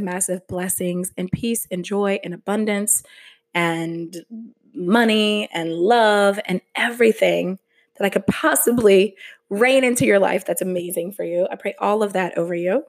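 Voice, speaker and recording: A woman hosting a motivational podcast, talking slowly and earnestly in a casual way, with the odd swear word. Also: medium pitch. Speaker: podcast host.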